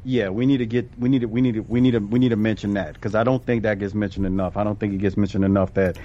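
Man, mid-pitch, casual podcast guest, repeats and restarts, dull lo-fi line. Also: fairly even intonation, mellow. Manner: halting, repeats words, restarts often. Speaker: youth sports coach.

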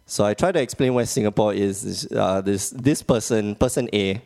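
A man's voice: lowish voice, moderate pace, gravelly, darkish tone. A man from Malaysia hosting a casual podcast, joking and rambling with frequent laughs. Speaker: podcast host.

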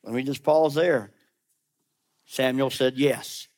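A man's voice: mid-range voice, slow, a little mellow. A man preaching a sermon as a pastor, talking in a conversational way, challenging his listeners directly and dropping sarcastic asides.

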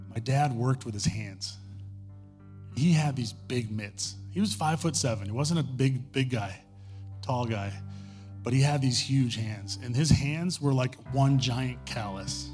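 Middle-aged male pastor, conversational and earnest sermon, with clear guitar playing underneath. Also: mid-range voice. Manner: conversational storytelling, earnest pleading. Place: church.

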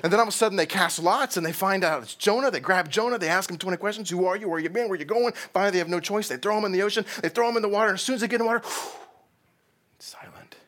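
Lively man preaching a sermon. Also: on the high side. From Texas. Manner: animated storytelling, asks the congregation questions. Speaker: pastor.

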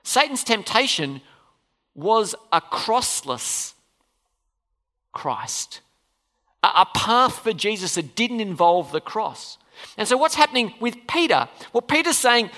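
A pastor preaching a sermon in a church hall, animated and full of questions for the congregation. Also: mid-range voice, unhurried. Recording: long reverb of a hall.

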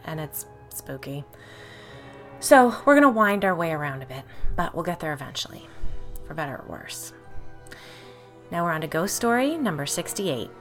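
A woman's voice: sits low, big pitch swings, moderate pace, pauses often, faint music behind. Chatty wry woman telling stories. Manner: chatty, wry, self-deprecating. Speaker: podcast host and storyteller. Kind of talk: storytelling narration.

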